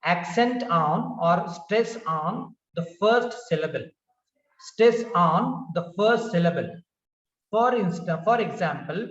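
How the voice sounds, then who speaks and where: A man teaching an English pronunciation lecture, speaking slowly and deliberately and repeating words as a drill. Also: high-pitched, lively intonation. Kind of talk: slow classroom lecture. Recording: roomy, dull lo-fi recording.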